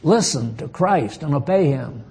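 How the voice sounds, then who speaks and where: Slow, folksy older preacher. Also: male voice, a little high, lively intonation, vocal fry, dark tone. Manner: folksy, bantering with the congregation, chuckling asides. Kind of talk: sermon.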